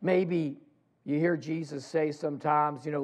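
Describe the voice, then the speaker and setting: Male pastor, sermon, slow deliberate delivery, fairly high gravelly voice. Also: steady tone, muffled recording. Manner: slow, deliberate preaching with pauses and restarts.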